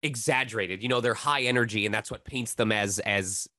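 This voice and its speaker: A man's voice: on the low side, a little fast, sharp tone, dry recording, clean studio sound. A man, a voice actor being interviewed, talks thoughtfully and rambles a bit, hedging as he goes. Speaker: voice actor, guest. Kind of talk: casual interview.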